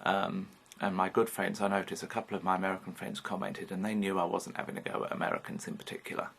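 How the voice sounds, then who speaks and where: A British man in his fifties with a gravelly, bright edge to his voice. He talks frankly and rambles on, speaking straight to the camera in a personal vlog, and swears casually as he goes. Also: sits low, flat delivery, quick pace. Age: 50s. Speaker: vlogger. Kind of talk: candid personal vlog monologue.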